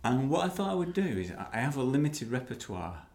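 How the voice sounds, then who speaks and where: A man co-hosting a podcast, chatty and quick to laugh, often restarting his sentences. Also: medium pitch, very animated, vocal fry, a little mellow. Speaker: podcast co-host. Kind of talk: casual podcast chat.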